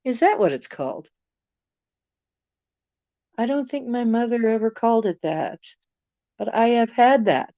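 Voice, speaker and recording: A woman's voice: fairly high pitch, lively intonation, a little slow, long pauses, warm tone, no echo, muffled recording. A woman from the United States hosting a casual live stream, musing aloud and answering viewer comments. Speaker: channel host chatting with viewers.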